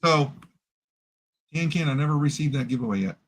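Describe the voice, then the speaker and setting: A man co-hosting a casual chat, joking and chatty with drawn-out asides. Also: on the high side, animated, poor audio. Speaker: co-host. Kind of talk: casual chat about coin collecting.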